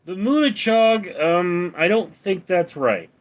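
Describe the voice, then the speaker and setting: Young la guy on a livestream reading chat, slow talker, pitch bounces around. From Los Angeles, California. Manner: relaxed, rambling, answers viewers one by one. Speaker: livestream host. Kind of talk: casual live chat, reading comments.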